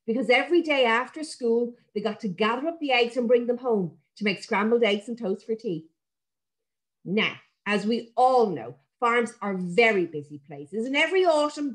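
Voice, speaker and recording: A woman reading a picture book aloud to young children, warm and expressive. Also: fairly high pitch.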